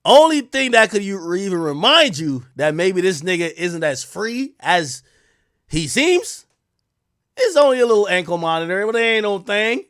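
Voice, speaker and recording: Male stream host with a high, bouncing voice, profane and excitable, jumping from shouts to mutters, recorded dry. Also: moderate pace, no echo. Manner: animated, profane and excitable, swinging between loud outbursts and mutters. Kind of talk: casual storytelling on a live stream.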